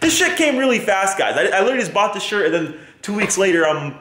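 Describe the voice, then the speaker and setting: Lively young man vlogging. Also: high voice, quick pace, roomy sound. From Canada. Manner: animated, joking, swears often. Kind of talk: casual vlog chat.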